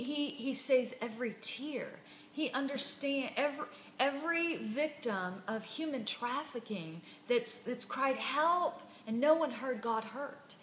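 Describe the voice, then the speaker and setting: A woman's voice: fairly high pitch, echoey room, slight background noise. A woman hosting a devotional Bible reflection, speaking earnestly and emphatically and repeating words for stress. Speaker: podcast host.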